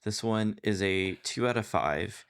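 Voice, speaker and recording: Low-voiced man with dry quips. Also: unhurried, a bit bright, clear, resonant tone. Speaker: podcast co-host. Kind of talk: casual chat.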